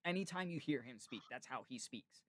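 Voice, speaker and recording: A man's voice: medium pitch, lively intonation, brisk, a bit bright, no echo. Chatty male podcast host, enthusiastic, filler-heavy, dry close sound. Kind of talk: casual chat.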